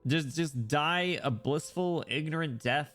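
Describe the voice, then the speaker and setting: A man's voice: a little high, a bit bright, faint music behind. Joking, foul-mouthed male streamer. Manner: crude, joking, quick reactions with laughter. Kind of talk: casual gaming stream commentary.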